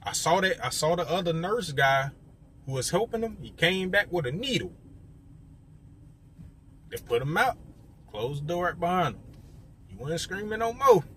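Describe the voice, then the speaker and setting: A man's voice: fairly high pitch, very animated, moderate pace, long pauses, a bit bright, a little hiss or hum. A young man telling a story straight to his viewers in a casual, conversational way, often talking to them directly. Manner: conversational, addresses viewers directly, many fillers.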